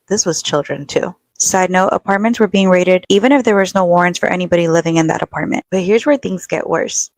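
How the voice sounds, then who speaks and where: A woman's voice: on the low side, dry recording. Earnest woman in a dry close recording. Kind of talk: social video commentary.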